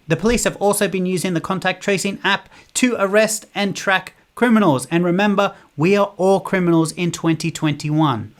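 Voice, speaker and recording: A man giving an indignant political commentary monologue. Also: a little high. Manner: indignant, rapid-fire rhetorical.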